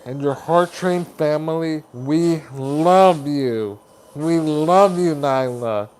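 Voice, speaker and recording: A man hosting a live stream chat. He reads viewer comments aloud, greets people warmly by name as buddy and honey, and laughs often. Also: on the high side, slow, clear, resonant tone. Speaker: livestream host.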